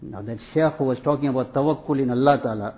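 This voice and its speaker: A man giving a sermon in a measured, repetitive preaching cadence, telling anecdotes. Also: medium pitch. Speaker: Islamic preacher. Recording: tinny phone-like audio.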